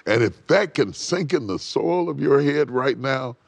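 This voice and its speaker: A middle-aged man preaching on a TV talk show, rising to loud emphatic peaks and dropping to near whispers, repeating his phrases. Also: mid-range voice, lively intonation, a little slow, vocal fry, dry recording. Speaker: bishop and guest preacher. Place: TV studio set.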